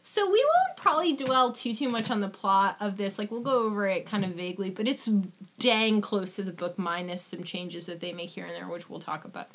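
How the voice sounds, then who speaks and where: A young woman co-hosting a podcast in casual chat, animated and swearing freely as she acts out lines in voices. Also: medium pitch, fairly quick, a little hiss or hum. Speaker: podcast co-host.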